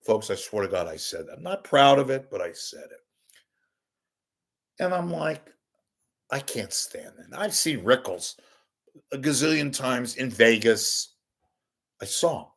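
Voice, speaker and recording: A middle-aged man hosting a talk show, telling a casual, animated, self-deprecating story. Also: medium pitch, measured pace, long pauses. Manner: animated, self-deprecating storyteller who acts out his own yelling. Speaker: podcast host.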